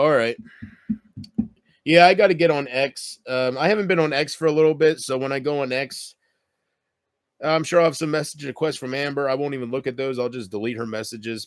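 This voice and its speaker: A man's voice: mid-range voice, fairly quick, no room sound, studio quality. A man chatting casually on his livestream, rambling and joking, with frequent swearing.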